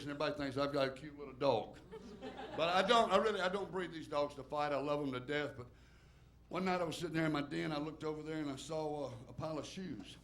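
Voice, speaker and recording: A man's voice: a little high, fairly bright tone, a little hiss or hum. A middle-aged man from Alabama with a Southern accent, a stand-up comic on a club stage reciting bawdy, crude poems in a rambling way and laughing at his own lines.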